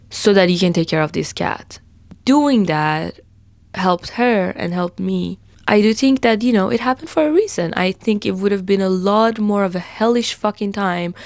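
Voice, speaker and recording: A woman's voice: medium pitch, gravelly, a little mellow, no echo. Chatty young woman telling a story. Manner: chatty, swears casually, many fillers and quoted asides. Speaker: vlogger. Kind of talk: casual personal storytelling.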